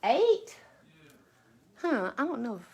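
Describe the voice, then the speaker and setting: A friendly-sounding Southern woman with a high voice talks casually on a home live stream. She keeps up a chatty, drawling stream of greetings to her viewers as she works. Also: very animated, slow pace, a little mellow. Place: at home beside a Christmas tree.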